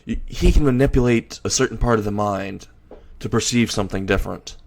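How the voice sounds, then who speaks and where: A young man narrating an improvised story in a loose, halting way with frequent restarts. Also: fairly low pitch, gravelly.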